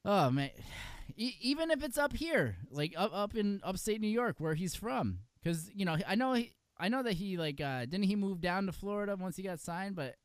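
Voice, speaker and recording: Lively, rambling podcast man. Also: high-pitched, moderate pace, clear, resonant tone, no room sound. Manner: rambling, with frequent fillers and laughs. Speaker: podcast co-host. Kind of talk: casual chat.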